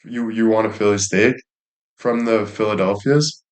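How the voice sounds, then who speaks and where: Crude, rambling young guy, lowish voice. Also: normal speed. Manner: crude, rambling, laughs often. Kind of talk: casual chat.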